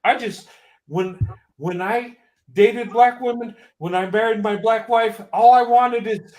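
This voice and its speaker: Man in his fifties, high-pitched voice, impassioned testimony, emphatic and repetitive. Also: unhurried, darkish tone. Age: 50s. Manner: emotional, emphatic, repeats himself.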